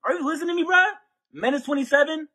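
A man's voice: very high-pitched, very fast, pitched above the performer's own voice. A man playing an angry young male gamer who scolds a teammate with slangy insults. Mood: scolding.

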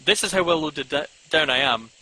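A man's voice: fairly high pitch, a little fast, pushed and bright, slight background noise, low-quality recording. A man chatting casually as a guest, rambling with lots of "um"s and self-mocking jokes. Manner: rambling, frequent ums, self-mocking humor. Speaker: podcast guest. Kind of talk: casual video-call chat.

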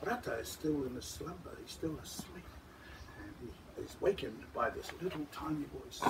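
A man telling a story to schoolchildren, dramatic, shifting from whispers to loud calls. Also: medium pitch, lively intonation, moderate pace. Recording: distant mic with background noise.

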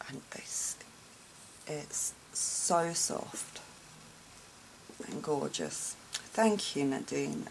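A woman opening gifts in a casual vlog, talking softly and slowly, gasping and gushing over each item. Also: low-pitched, very animated, vocal fry, in a whisper, low-quality recording. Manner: soft, slow and gushing, many gasps and sighs. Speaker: craft vlogger opening gifts.

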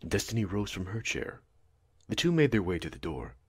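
Deep-voiced man narrating. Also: brisk, slightly rough. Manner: steady storytelling. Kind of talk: scripted audiobook narration.

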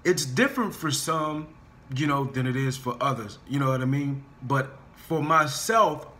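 A man teaching a singing lesson, talking his students through warm-up scales and encouraging them, often stopping to repeat himself and say "okay?" and "guys". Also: mid-range voice, normal speed, slight background noise. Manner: restarts and stammers while explaining.

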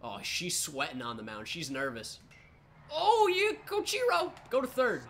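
Excitable lady doing gameplay commentary, pitch all over the place, yelling at her players. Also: a little slow, slight background noise. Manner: excitable, talks to the players on screen. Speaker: gaming channel host.

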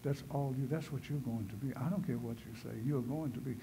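A male preacher voicing God as a stern, commanding male figure, speaking low and quiet. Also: fairly quick, vocal fry, noisy background, lightly acted.

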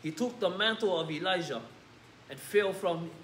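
A man's voice: high voice, moderate pace, echoey room, slight background noise. A man with a Hawaiian Pidgin-tinged accent preaching casually and reading scripture, tossing in "yeah?" and "bro". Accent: Hawaiian Pidgin-tinged English. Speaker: pastor. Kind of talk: informal sermon with scripture reading. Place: church sanctuary.

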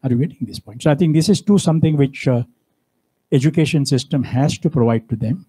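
A man's voice: mid-range voice, fast talker, warm tone, breathy edge, low-quality recording. A man giving a university lecture, speaking emphatically and asking his audience frequent rhetorical questions. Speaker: guest speaker.

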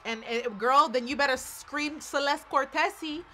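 A woman's voice: sits high, unhurried, sharp tone. A woman giving emphatic, sassy live reaction commentary who repeats her words. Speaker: pageant reactor.

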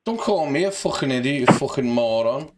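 A man's voice: mid-range voice, lively intonation, fairly quick, slight background noise. A man with a Liverpool accent on a prank call to a scammer, brash, mock-tough and swearing freely. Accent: Liverpool (Scouse). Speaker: scambaiter.

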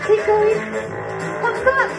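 A woman's voice: very high-pitched, steady tone, slow. A woman leading an interactive dance and exercise session for children at home, with a bubbly, encouraging, sing-song manner. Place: room at home. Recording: roomy echo, off-mic, music behind.

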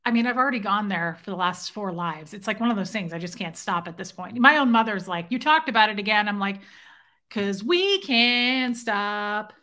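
A young woman with a pushed, bright, mid-range voice hosts a relaxed livestream. She chats playfully, reads viewer comments out loud, and occasionally breaks into a bit of song.

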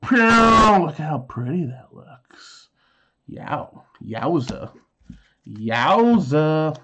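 A man's voice: on the high side, very animated, drawn-out words, bright, forceful tone, slight background noise. A man in his thirties casually chatting while opening trading card packs, reading card names aloud and making sound effects. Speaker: card unboxing host.

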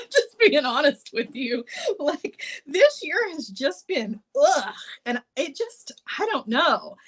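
A woman's voice: high-pitched, fairly bright tone. Bubbly woman in her forties, chatting live. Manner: bubbly, laughs often, rambling. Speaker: jewelry-making livestream host. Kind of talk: chatty live-stream talk. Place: home office.

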